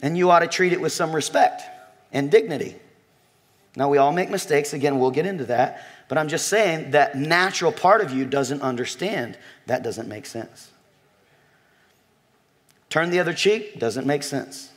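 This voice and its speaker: A man preaching a sermon to a congregation, animated and joking, telling a story and talking directly to his listeners. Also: on the high side, normal speed. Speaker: pastor.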